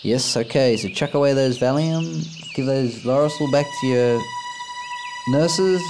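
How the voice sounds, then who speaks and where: A man's voice: medium pitch, a little slow, music in the background. A man hosting a radio show with jokey, offhand patter. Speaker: radio host.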